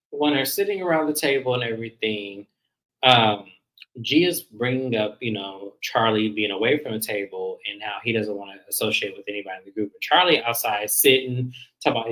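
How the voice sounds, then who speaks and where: Animated man recapping reality TV. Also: medium pitch, rough recording. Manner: animated, profane, laughs, acts out cast lines. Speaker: podcast co-host.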